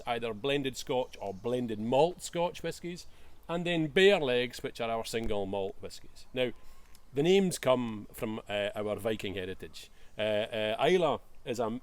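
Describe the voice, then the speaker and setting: A Scottish man presenting a casual whisky tasting, enthusiastic but full of hesitant fillers and restarts. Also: medium pitch.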